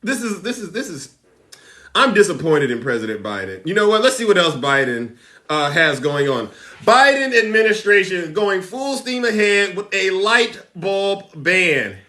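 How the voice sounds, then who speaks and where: A man's voice: sits high, big pitch swings, a little slow, pushed and bright. A man hosting a livestream, giving sarcastic political commentary with theatrical mock outrage and chats to viewers. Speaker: livestream host.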